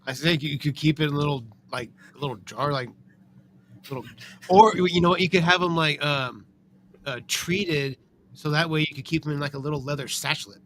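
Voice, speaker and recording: A man on a casual podcast, agreeing in a matter-of-fact, deadpan way. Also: a little high, brisk, slight background noise.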